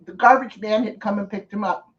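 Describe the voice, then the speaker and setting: A woman streamer telling a personal story in casual, unhurried speech, earnest in tone and pausing to thank viewers. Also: medium pitch. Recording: distant, dull lo-fi mic.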